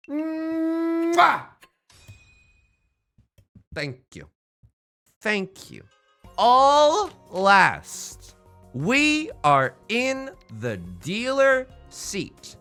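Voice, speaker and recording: A man giving casual live-stream commentary on a game, animated, playful and self-mocking. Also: on the high side.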